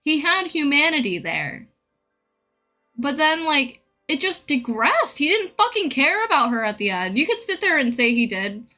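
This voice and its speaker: Blunt, bright-voiced woman streamer. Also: sits high, very animated, moderate pace, soft background music. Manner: blunt, profane and opinionated. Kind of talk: casual live-stream rant.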